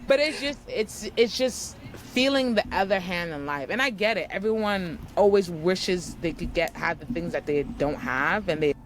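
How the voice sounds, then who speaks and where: A young woman from the United States, a podcast guest chatting casually and telling animated travel stories. She acts out other people's lines and fills her talk with "like.". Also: fairly low pitch, normal speed, few pauses, slight background noise. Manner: animated storyteller, acts out quotes, says "like" often. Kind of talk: casual chat.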